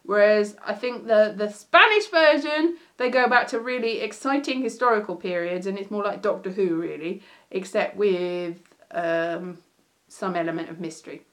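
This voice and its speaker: A woman's voice: mid-range voice, normal speed, fairly bright tone. A woman hosting a livestream, chatting casually about television, rambling and correcting herself as she goes. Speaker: livestream host. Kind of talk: casual chat.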